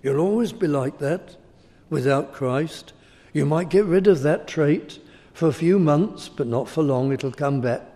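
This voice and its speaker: A man's voice: fairly high pitch, a little slow, warm tone. A man preaching a sermon, speaking emphatically and returning again and again to a repeated refrain. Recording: reverberant hall.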